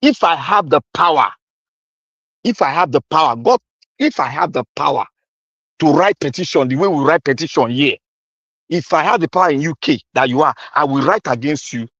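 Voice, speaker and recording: A man's voice: a little high, expressive, moderate pace, fairly bright tone, no echo, dull audio. A Nigerian man delivering an impassioned, accusatory political rant, repeating his points with heat. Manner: fiery, accusatory, repetitive. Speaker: commentator.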